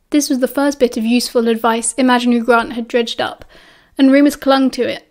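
High-voiced British woman narrating an audiobook. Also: fairly even intonation, fairly quick, few pauses, darkish tone. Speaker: audiobook reader.

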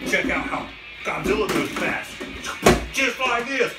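A man's voice: extremely high pitch, expressive, measured pace, roomy sound, distant mic, over loud music, pitched above the performer's own voice. A man doing a bragging giant monster. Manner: taunting and playful. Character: slow giant male monster lizard, bragging.

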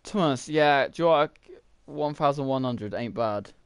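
A man's voice: mid-range voice, normal speed, clean tone, dry recording. A young man, rambling through casual gameplay commentary while thinking aloud with lots of fillers. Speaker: gaming YouTuber.

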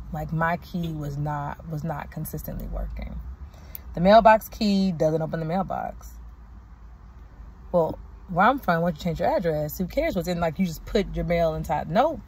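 A young woman who's a doctoral student vlogs a story, venting in an exasperated, casual way full of slang. Her voice sits low with a darkish tone, over a faint hiss or hum.

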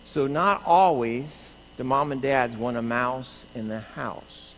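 A middle-aged pastor speaks slowly in a medium-pitched voice, telling a playful children's story inside a church sanctuary. He's animated and acts out screams as the story goes. Echo and faint room noise fill the recording.

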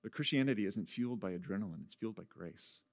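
A man preaching a sermon as pastor, conversational and self-deprecating, often laughing at himself, and swinging from quiet, hushed lines to loud, raised ones. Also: on the low side, quick pace.

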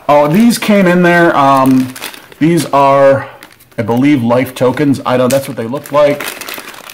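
A man hosting a board game channel, giving casual unboxing commentary with excitable, joking asides. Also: mid-range voice, a little hiss or hum.

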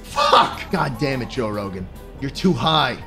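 Excitable young man with a lively voice. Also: medium pitch, normal speed, over music. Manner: excitable, yells at the game, crude jokes. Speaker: streamer. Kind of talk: gameplay commentary.

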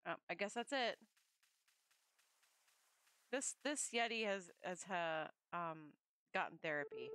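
A young woman streamer chats through a cozy game with a bright, clear tone. Her pitch swings widely as she talks, swears and reads game lines aloud. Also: expressive, takes it slowly, pauses often. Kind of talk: casual gameplay chat.

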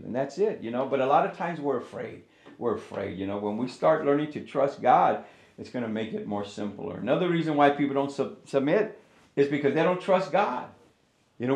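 A man's voice: on the high side, roomy sound. A middle-aged male pastor preaching conversationally, acting out inner dialogues and often repeating words as he restarts. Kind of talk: sermon.

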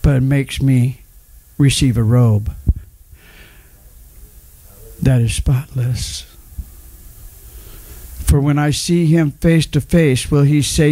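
A man's voice: mid-range voice, steady tone, slow, long pauses, warm tone, no room sound. A middle-aged man preaching a sermon as pastor, sharing his own testimony and calling on the congregation to respond. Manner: personal testimony, emphatic, calls on the congregation.

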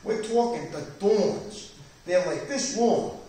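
A male pastor preaches with fervent, rising emphasis, his voice sitting high for a man. He is recorded from a distance in a very echoey church hall. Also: slow pace, mellow, slight background noise. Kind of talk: Bible study sermon.

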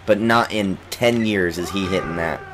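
Crowd noise runs under this casual let's-play of a basketball video game, voiced by a young YouTuber with a lowish voice at a moderate pace. His excitable commentary includes trash talk aimed at the on-screen players, plus the occasional cough as he recovers from being ill.

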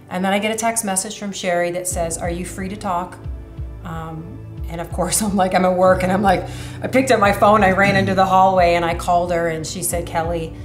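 A woman's voice: on the low side, roomy sound. Woman telling a testimony over music. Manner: earnest, emotional storytelling with many fillers. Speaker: church member sharing her testimony. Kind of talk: personal testimony interview.

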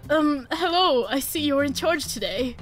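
A polite, hesitant raccoon villager in a cozy game who hands out small tasks, as a woman reads the lines. The voice is high and starts sentences with a soft "um", over faint music. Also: lively intonation, measured pace. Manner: hesitant, with "um" openers. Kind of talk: reading game dialogue aloud.

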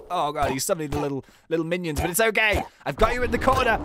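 A man hosting a game video, excitably playing and commenting, with frequent exclamations and laughs. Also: fairly high pitch, fast, hardly any pauses, background noise.

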